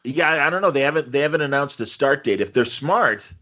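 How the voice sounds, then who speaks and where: Male co-host, mid pitch, casual rambling chat, jokey. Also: animated, fairly quick, sharp tone. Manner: rambling, joking, many filler restarts. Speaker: podcast co-host. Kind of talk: casual chat reviewing a TV episode.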